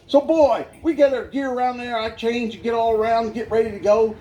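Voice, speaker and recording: A man with a high voice tells his life story at a church revival. His way of talking is folksy and self-mocking, and laughter keeps slipping into his words. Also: fairly even intonation, normal speed, dark tone. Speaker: guest speaker giving his life testimony.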